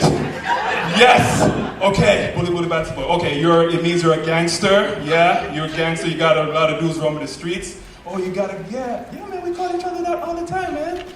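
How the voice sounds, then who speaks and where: A man's voice: high voice, background noise. A young man from Jamaica with a Jamaican accent, telling stand-up stories and acting out the voices. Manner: animated storytelling, acts out voices, swings loud and soft. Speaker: stand-up comedian. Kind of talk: stand-up comedy set. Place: comedy club stage. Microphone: handheld stage mic. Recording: echoey club from far off.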